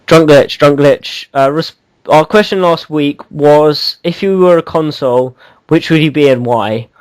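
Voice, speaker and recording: A man's voice: a little high, a little slow, smooth, dry recording, low-quality recording. Rambling man, dry close sound. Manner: rambling, teasing, many ums and restarts. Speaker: podcast co-host. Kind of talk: casual gaming podcast chat.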